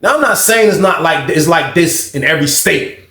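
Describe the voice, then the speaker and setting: Brief: a lively man from Virginia telling a story, high voice, echoey room. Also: moderate pace. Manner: animated, profane, acts out other people. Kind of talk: casual storytelling. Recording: roomy echo.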